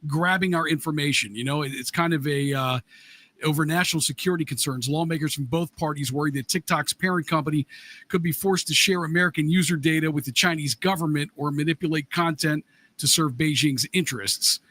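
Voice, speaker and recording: A man's voice: on the high side, fairly quick, pushed and bright. A man co-hosting a podcast, reading the news casually with many fillers and laughing easily. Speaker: podcast co-host.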